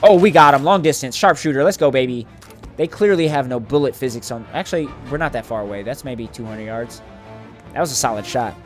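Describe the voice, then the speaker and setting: Gaming host, man, mid-pitch, casual commentary with trash-talk, faint game music behind. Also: a little fast. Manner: animated, trash-talking, boastful in bursts.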